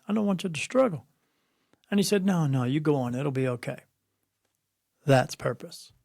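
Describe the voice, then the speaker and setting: A middle-aged man speaks as a guest in an interview, a spirit medium who tells stories bluntly and preaches his point. His voice sits a bit high and carries a gravelly rasp. He acts out the people in his anecdotes. The sound is close and dry. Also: darkish tone, dry recording. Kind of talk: conversational interview, storytelling.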